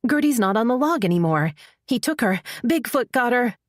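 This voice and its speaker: A woman voicing a frantic middle-aged mother who grows shrill with worry. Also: moderate pace, a little mellow, dry recording, studio quality, lightly acted. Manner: high, strained and shrill.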